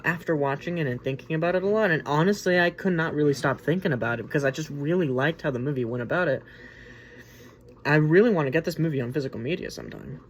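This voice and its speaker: A man with a somewhat high voice reviews a film in a loose, unscripted way. He wanders between points, restarts often and fills gaps with casual fillers. A faint hiss of noise sits under the recording. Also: lively intonation, fast talker. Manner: rambling and informal, with many restarts, "like" and "you know". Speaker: movie reviewer, host of the show. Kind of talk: casual spoken movie review.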